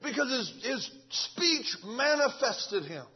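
Husky high-voiced preacher. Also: male voice, very animated, takes it slowly, lo-fi sound. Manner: fervent, repetitive, swings from shouting to hushed. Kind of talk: revival sermon.

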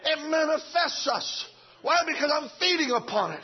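A fervent preacher, repeating himself as he swings between shouting and hushed speech. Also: extremely high pitch, lively intonation, normal speed, muffled recording. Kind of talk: revival sermon.

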